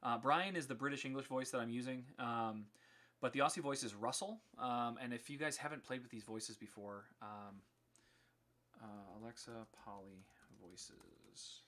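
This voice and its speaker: A man's voice: medium pitch, steady tone, normal speed, pushed and bright. A man casually explaining his code on a live stream, chatty with many ums and restarts.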